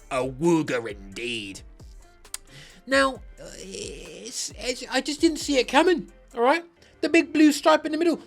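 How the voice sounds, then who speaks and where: A football kit reviewer gives casual ranking commentary in a high-pitched, giddy, animated voice. He's playful and self-mocking, frequently stuttering and restarting.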